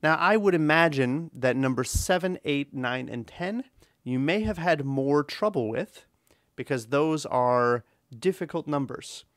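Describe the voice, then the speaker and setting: A man teaching an exam listening lesson, explaining number pronunciation slowly and demonstrating rhythms by counting aloud. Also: fairly high pitch, animated, no echo, studio quality. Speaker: English teacher.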